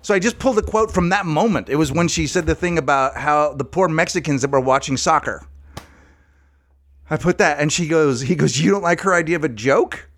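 A man co-hosting a casual comedy podcast chat tells a story in a voice on the high side at a brisk pace. His animated storytelling is profane, with lots of swearing and frequent laughs.

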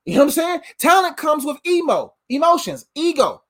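A preacher giving a loose, casual sermon, talking in animated street slang and breaking into laughter often. The voice sounds tired after a long week but keeps pushing the energy up and down. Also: high-pitched, a little fast. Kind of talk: informal sermon.

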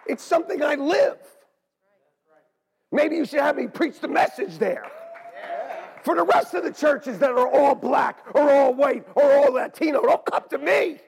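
A man preaching a sermon as pastor in a church, animated and swinging between hushed asides and shouts. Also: very high-pitched, normal speed, vocal fry, some chatter behind. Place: church sanctuary. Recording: long hall reverb.

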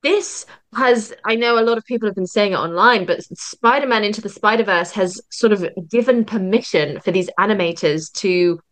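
A woman's voice: medium pitch, normal speed, hardly any pauses, fairly bright tone. Young woman guest, effusive and emotional, laughs often, casual roundtable chatter. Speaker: podcast guest.

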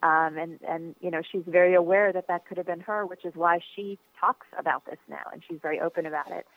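A woman's voice: on the low side, steady tone, brisk. A woman author answering interview questions, telling a personal story in an earnest, reflective way with frequent fillers and restarts. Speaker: author, guest. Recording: tinny phone line, dry.

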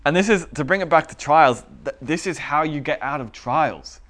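This preacher's voice sits a little high and moves at a normal speed. He keeps the sermon relaxed and chatty, repeating phrases, chuckling between points, and raising his volume as he presses his audience.

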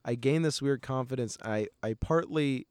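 A young American man chatting casually, telling lively stories and acting out what others said. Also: mid-range voice, moderate pace, smooth, no room sound, studio quality. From United States. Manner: animated storytelling, acting out quoted voices. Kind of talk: casual conversation.

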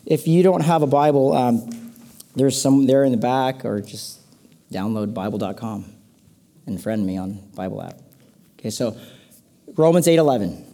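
A male pastor preaching to a congregation in a relaxed, conversational way. His voice is mellow and warm, and he slips playful asides into the sermon. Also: medium pitch, moderate pace, long pauses.

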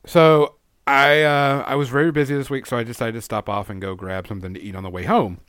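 A man's voice: mid-range voice, steady tone, a little fast, fairly bright tone, clean tone, no room sound, studio quality. A man co-hosting a podcast, complaining in a casual, profane rant. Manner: ranting, profane, exasperated complaining. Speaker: podcast co-host. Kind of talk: casual chat.

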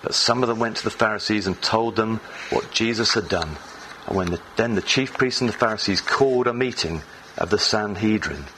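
A man with a fairly low, brisk, sharp-toned voice preaches a sermon in church, reading scripture and addressing the congregation loosely and conversationally, with fillers and restarts. The recording is rough, with a little hiss or hum.

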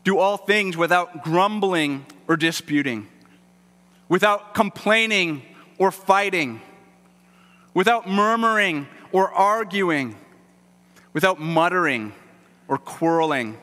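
A man's voice: high voice, animated, slow pace, long pauses, sharp tone. Earnest male pastor in a reverberant hall. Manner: earnest, conversational preaching with repeated words. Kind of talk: sermon.

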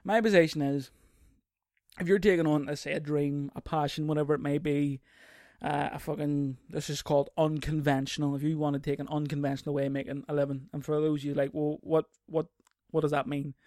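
A man hosting his own podcast alone, rambling and swearing constantly, bursting into loud mocking outbursts, recorded on a stand mic. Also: a little high, level tone, a little fast, no echo, clean studio sound. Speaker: podcast host. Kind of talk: casual solo podcast rant.

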